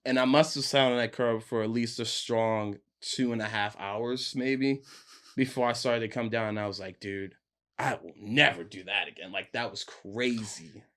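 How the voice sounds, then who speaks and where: With a medium-pitched voice at a moderate pace, a young man telling a story as a podcast guest keeps things casual. He's animated and laughing, and he acts out his friends' lines.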